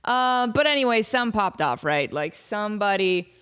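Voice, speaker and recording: A woman's voice: mid-range voice, animated, normal speed, fairly bright tone, smooth. A woman in her thirties hosting a podcast, chatting casually and joking her way through fan questions with lots of fillers and asides. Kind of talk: casual chat. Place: home near Las Vegas.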